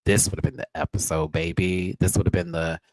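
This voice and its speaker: A man's voice: low-pitched, steady tone, a little fast, darkish tone, no echo, low-quality recording. Blunt, profane man ranting in a dry room. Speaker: drag race reviewer and channel host. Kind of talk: live review rant.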